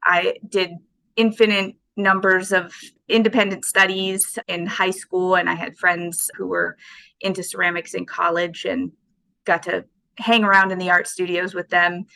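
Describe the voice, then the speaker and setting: A woman's voice: lowish voice, level tone, a little slow, vocal fry, sharp tone, rough recording. A woman, a guest potter on an interview podcast, talking casually and thoughtfully with frequent fillers.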